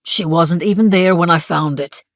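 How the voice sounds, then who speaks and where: A woman reading the lines of a calm, steady man on a wildlife team in an audiobook. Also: lowish voice, normal speed, no echo, studio quality, lightly acted. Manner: calm, reasoning.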